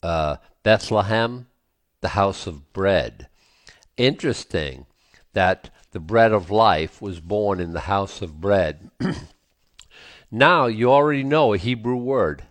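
A man teaching a Bible study, reading scripture aloud and then explaining it in an unhurried way, with frequent ums and small asides. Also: fairly low pitch, expressive, dry recording. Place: indoors, presenting to a screen.

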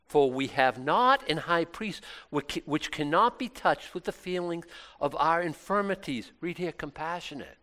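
A man's voice: a little high, lively intonation, a little slow, sharp tone. A middle-aged man preaching a casual, conversational sermon, acting out little asides and laughing now and then. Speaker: pastor.

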